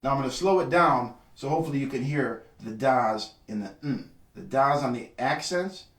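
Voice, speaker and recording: A man's voice: mid-range voice, animated, moderate pace, roomy sound, far from the mic. A man giving a trumpet lesson, explaining rhythm and singing syllables to show it. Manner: sings syllables to demonstrate rhythm. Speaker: trumpet teacher. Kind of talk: instructional video lesson.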